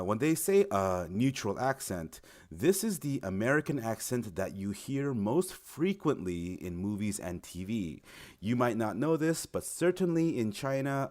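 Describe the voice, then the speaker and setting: A young man giving an informal explainer video, friendly and encouraging, lifting his voice on key words. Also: fairly low pitch. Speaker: recruiter explaining teaching in China.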